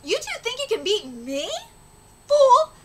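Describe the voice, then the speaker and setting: A woman's voice: very high voice, very animated, a little slow, heavy background noise, full character voice. A woman reading as a taunting strength-mad villain. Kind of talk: reading manga dialogue aloud.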